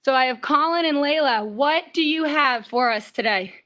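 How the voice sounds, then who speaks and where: An American woman with a high, lively voice leads a children's exercise class over a video call. She counts each rep out loud and keeps the kids going with encouragement. The sound comes through a home video call connection. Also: moderate pace, dull audio. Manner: upbeat, counts reps aloud and cheers kids on. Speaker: camp fitness instructor. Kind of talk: leading a kids' workout over video call.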